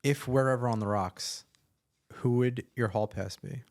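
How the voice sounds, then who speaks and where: A man's voice: mid-range voice, normal speed, a little mellow. A man co-hosting a podcast, chatting casually with short, dry questions. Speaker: podcast co-host. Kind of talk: casual chat.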